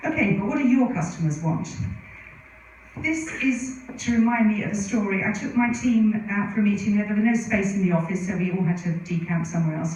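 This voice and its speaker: A woman's voice: mid-range voice, a little mellow, slight background noise. A middle-aged woman giving a conference presentation, telling anecdotes in a chatty way with many asides. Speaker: conference speaker. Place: conference venue. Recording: very echoey hall from a distance.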